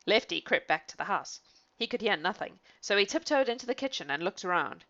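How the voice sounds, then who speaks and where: A woman reading a fairy tale aloud in an animated way, with laughing asides to her listener. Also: mid-range voice, a little fast. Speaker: storyteller. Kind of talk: storybook reading.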